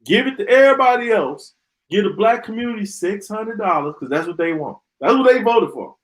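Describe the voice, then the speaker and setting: A man's voice: high voice, animated, a little fast, rough recording. A man hosting a live stream, ranting in an exasperated, sarcastic way and often repeating himself. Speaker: podcast host.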